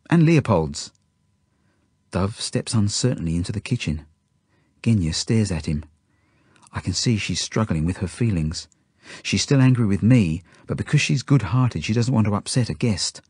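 Man, audiobook narration, husky voice, low pitch, steady storytelling, dry studio sound. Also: normal speed, no room sound. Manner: steady, plain storytelling in first person. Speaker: author reading his own novel.

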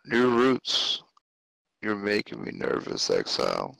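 An actor playing a nervous, gruff male character in a video game. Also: high voice, very animated, measured pace, dry recording, full character voice, rough recording. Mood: uneasy.

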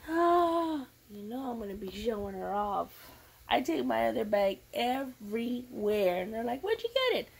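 A woman crafting vlogger opens a gift on camera and talks in a gushing, tearful way. Her voice sits high and swoops widely, with a gravelly fry underneath. She talks slowly and laughs often. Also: big pitch swings, poor audio. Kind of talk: unboxing vlog.

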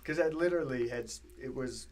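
A man casually telling a hunting story on a podcast, often dropping low and quiet, swearing and laughing. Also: fairly quick. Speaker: podcast guest, bowhunter.

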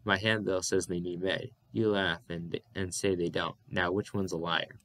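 Man doing a proud stubborn farm dad, deep and firm, country talk. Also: little pitch movement, moderate pace, a bit bright. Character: proud dignified farming father, stubborn.

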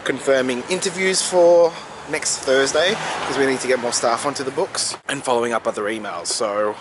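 Young man, excitable, gushing vlog chat, noisy background. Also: mid-range voice, moderate pace. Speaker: vlogger.

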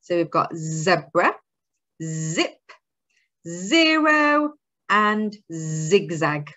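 A woman's voice: fairly low pitch, sing-song, drawn-out words, fairly bright tone. A woman teaching a phonics lesson to young children, drawing out her words in a sing-song, encouraging way. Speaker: early years teacher.

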